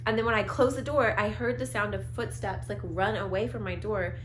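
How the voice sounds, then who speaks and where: A woman's voice: mid-range voice, steady tone, fairly quick, a little hiss or hum. A young woman casually telling spooky family stories to a camera, chatty and full of "like", laughing often. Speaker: vlogger, co-host. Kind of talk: casual storytelling.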